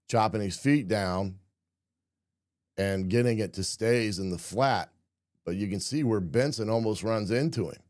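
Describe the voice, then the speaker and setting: Low-voiced hoarse man breaking down football. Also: darkish tone, no echo, studio quality. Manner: frequent throat clearing, many fillers. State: losing his voice, hoarse. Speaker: football analyst host. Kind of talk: casual game film breakdown.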